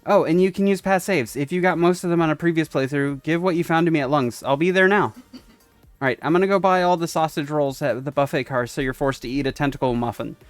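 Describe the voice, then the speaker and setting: A man on a dry, close mic plays through a story game, reading each character's lines aloud in a somewhat high voice and laughing now and then, with faint game music behind him. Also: quick pace, no room sound. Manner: reads game text aloud, chuckles often. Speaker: let's-play streamer. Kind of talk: casual gameplay commentary, reading dialogue aloud.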